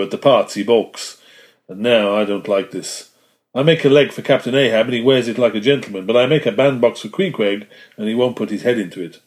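A man's voice: medium pitch, close to an everyday voice. A man reading the part of a proud, fussy old ship's carpenter who mutters a tetchy, rambling complaint to himself.

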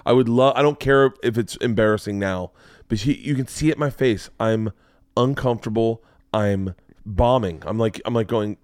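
A man in his forties hosting a podcast, telling a long story in a rambling, animated way and acting out the quotes. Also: mid-range voice, moderate pace, no echo, studio quality. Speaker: podcast host. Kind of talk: casual storytelling chat.

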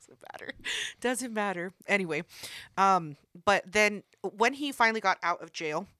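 Bright voiced woman cohost tossing in jokes, dry close mic. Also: medium pitch, animated, no room sound. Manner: chiming in with quick jokes and backing comments. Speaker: podcast co-host. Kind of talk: casual chat.

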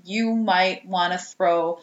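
A woman's voice: on the low side, fairly even intonation, takes it slowly. A woman co-hosting a podcast in casual chat, jokey and laughing often. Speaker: podcast co-host. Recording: roomy, dull lo-fi sound.

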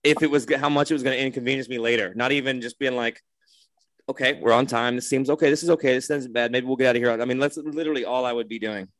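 A man's voice: mid-range voice, steady tone, racing, few pauses, no echo. A man co-hosting a podcast in casual chat, laid-back and joking. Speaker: podcast co-host.

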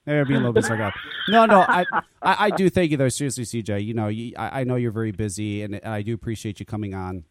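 A man's voice: fairly low pitch, quick pace, background noise. A man hosting a casual talk radio show, joking and swearing, often stammering and repeating words. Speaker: podcast host.

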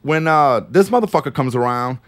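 A man telling loose, profane stories as a guest. He talks in a rambling, animated way, full of asides and restarts. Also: mid-range voice, a little fast, dry recording. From New Orleans. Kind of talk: casual storytelling.

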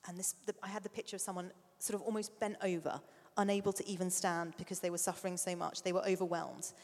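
A woman's voice: on the low side, quick pace. Woman preaching in a reverberant hall. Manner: animated storyteller who drops to soft near-whispers. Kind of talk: sermon with personal storytelling. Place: church hall. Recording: long reverb of a large hall.

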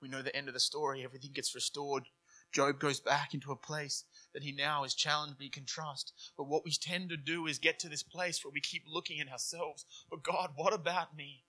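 A man's voice: fairly high pitch, flat delivery, brisk, sharp tone. A man preaching a sermon in an earnest, conversational way, slipping into acted inner voices to make his points. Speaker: pastor.

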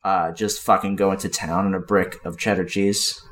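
A man who is a guest on a comedy podcast, talking casually and joking, playing a self-styled expert who hesitates, restarts and fills his pauses with ums. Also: deep voice, level tone, a bit bright.

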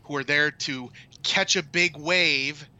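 Brief: male co-host, very bright sharp tone, higher pitch, halting with ums. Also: fairly even intonation. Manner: measured, many ums, swears casually. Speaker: podcast co-host. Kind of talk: casual chat.

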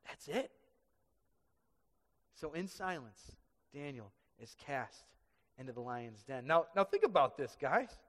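A man preaching a sermon in an animated way, dropping to quiet and rising to shouts. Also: high-pitched. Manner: animated, swings from hushed to shouting. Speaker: pastor. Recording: echoey hall reverb.

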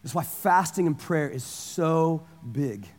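Pastor in his forties, lighter-pitched male voice, chatty story-led sermon, big hall with long reverb. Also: lively intonation, slow, darkish tone. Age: 40s. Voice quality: conversational storytelling, repeats phrases for emphasis.

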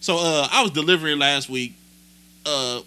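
A young man co-hosting a podcast, telling a story in casual, animated, profane chat. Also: on the high side, moderate pace, smooth. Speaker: podcast co-host.

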